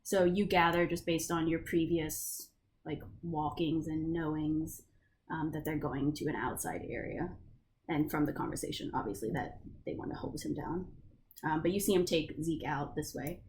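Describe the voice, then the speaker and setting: A woman's voice: low-pitched, fairly even intonation, moderate pace, a little mellow, a little hiss or hum. A woman narrating a tabletop game as game master in a casual, loose way, with lots of fillers.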